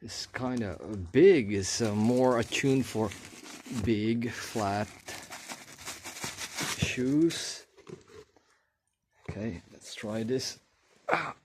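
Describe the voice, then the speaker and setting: A man talking casually while unboxing and trying on a product, unhurried and halting, with pauses and fillers. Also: mid-range voice, darkish tone, a little hiss or hum. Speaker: vlogger unboxing shoes.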